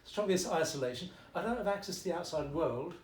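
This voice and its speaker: A man's voice: a little high, lively intonation, fast, far from the mic. Male maths teacher, Essex accent, jokey and conversational, recorded in an echoey room at home. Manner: chatty and jokey, keeps checking in with "okay?". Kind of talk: casual video lesson. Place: at home during lockdown. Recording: echoey room, mic set back.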